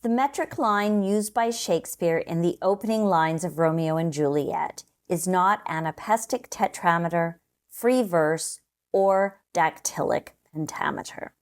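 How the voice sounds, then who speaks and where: A woman walks through practice questions in a calm, scripted lesson voice. She speaks slowly and deliberately, with a fairly low pitch, explaining each step with care. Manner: slow, measured, explanatory. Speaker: test prep teacher.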